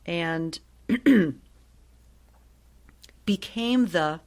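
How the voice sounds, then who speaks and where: A woman in her sixties from Ohio, a guest telling stories in a chatty, lively way with frequent laughs. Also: fairly low pitch, extremely slow, gravelly. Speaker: guest, actress and voiceover artist. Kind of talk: casual interview storytelling.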